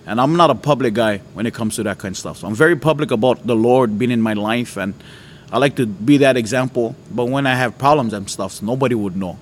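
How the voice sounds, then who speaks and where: Man, mid-pitched, earnest storyteller sharing a faith testimony. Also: brisk, a little hiss or hum. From Hawaii.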